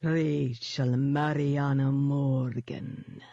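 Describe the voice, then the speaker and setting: A woman voicing a menacing male shapeshifting demon with a honey-sweet, mocking London accent, taunting slowly in an audiobook. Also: a bass voice, flat delivery, creaky, mellow, no room sound, muffled recording, voice pushed down, exaggerated voice. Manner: slow, taunting. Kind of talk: audiobook character voice.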